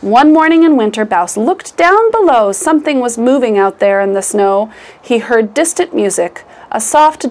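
A woman reading a rhyming picture book aloud to children, with a rhythmic read-aloud delivery. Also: on the high side.

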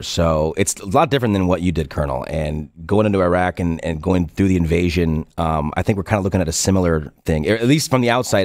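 A man's voice: low-pitched, darkish tone, no room sound, studio quality. A man, a co-host and veteran, talking casually in a talk show discussion.

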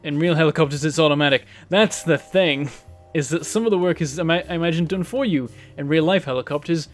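A fairly high-voiced man from northern England commentates his game live on stream, musing aloud and answering his chat. He breaks into exasperated outbursts when things go wrong, with faint game music playing behind him. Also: fast talker. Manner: thinks aloud, reading chat, bursts of frustrated exclamations.

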